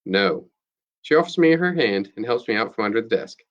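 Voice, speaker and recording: A man, a teacher, reading a novel aloud to his students in a steady, plain storytelling manner. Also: medium pitch, fast, highs cut off.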